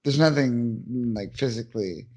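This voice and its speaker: A man's voice: mid-range voice, normal speed, darkish tone. A man co-hosting a podcast, recapping a comic in a rambling way with lots of fillers. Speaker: podcast co-host. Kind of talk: casual comic book chat.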